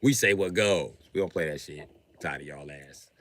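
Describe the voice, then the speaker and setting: A man doing a profane comedic rant on a livestream, jumping between loud shouted bits and low mumbled asides. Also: normal speed, dry recording. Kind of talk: comedic rant with acted-out voices.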